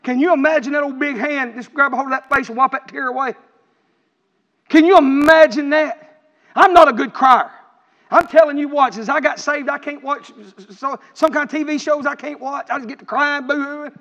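A middle-aged man preaches in a very high voice, swinging from fervent shouts to low, earnest asides. His words ring out through a large, echoing church hall. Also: moderate pace, muffled recording. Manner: impassioned, rising to shouts then dropping low. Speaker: pastor. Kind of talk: preaching sermon.

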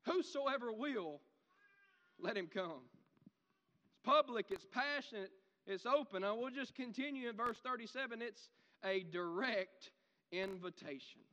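A man preaching a sermon, animated, swinging from loud shouts to quiet asides. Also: high voice, a little slow, big-room sound, muffled recording.

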